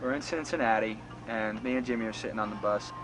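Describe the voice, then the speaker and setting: A man's voice: fairly low pitch, fast talker, fairly bright tone, faint music behind, rough recording. A man from a band's road crew, sitting on a tour bus and telling a laughing, profane anecdote to the camera. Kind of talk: casual storytelling to camera.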